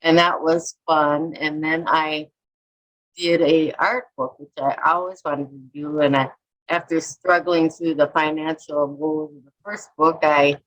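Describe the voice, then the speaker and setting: Her delivery is flat and a little slow, with a deep voice and a fairly bright tone, captured in lo-fi sound. She's a middle-aged artist and author from Minnesota, USA, rambling chattily through stories in a casual interview while acting out quotes and self-talk.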